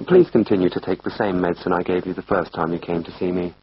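A man voicing a calm male doctor who gives advice in a steady, reassuring way, reading a textbook dialogue. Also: sits low, fast talker, husky. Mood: advising. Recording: dull lo-fi recording.

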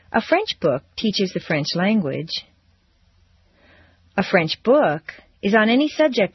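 A woman teaching English pronunciation, reading drill phrases slowly and deliberately with careful stress. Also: mid-range voice, breathy edge, no room sound, dull audio.

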